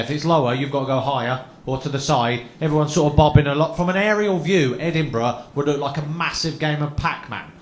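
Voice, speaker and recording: A young man doing a stand-up routine as a chat show guest, chatty and self-mocking, throwing tag questions at the crowd. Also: on the high side. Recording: echoey live venue with faint noise.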